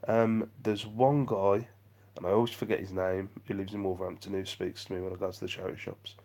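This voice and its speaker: A man's voice: deep voice, little pitch movement, fairly quick, mellow. A man chatting on a live vlog stream, rambling and self-deprecating as he reads out viewer comments. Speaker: vlogger.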